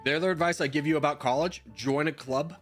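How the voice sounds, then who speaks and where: A man's voice: on the high side, fast, fairly bright tone, faint music behind. A man in his twenties, a streamer in casual chat, giving rambling advice with slang and the odd swear while answering viewer messages.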